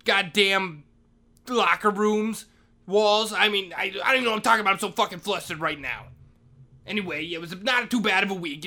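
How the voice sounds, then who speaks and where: A man's voice: a little high, pushed and bright. A man playing a grumpy school janitor in a comedy monologue, swearing constantly as he rants and grumbles. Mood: ranting. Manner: profane, ranting, swears constantly. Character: foul-mouthed grumpy male school janitor, always ranting.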